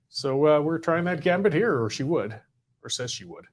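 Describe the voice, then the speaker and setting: Fast-talking panelist man. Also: mid-range voice. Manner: rapid, animated, acts out imagined quotes. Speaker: panelist and columnist. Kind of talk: casual political panel discussion.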